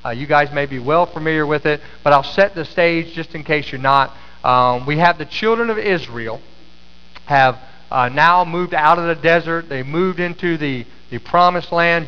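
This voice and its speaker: Middle-aged pastor preaching in an echoey church. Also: male voice, fairly high pitch, pushed and bright. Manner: storytelling, with frequent restarts and fillers. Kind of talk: sermon. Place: church sanctuary. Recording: echoey sanctuary, slightly dull sound.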